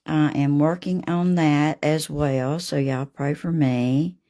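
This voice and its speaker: A woman hosting a live painting demo, chatting warmly with viewers by name as she works. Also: low voice, fairly even intonation, takes it slowly. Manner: homey and gushing, talks to viewers by name.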